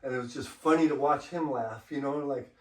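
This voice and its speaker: A man's voice: mid-range voice, fairly quick, echoey room. Man telling profane stories, far from mic. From Los Angeles. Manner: profane, laid-back storytelling with frequent "you know". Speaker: graffiti artist guest. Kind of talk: casual storytelling interview.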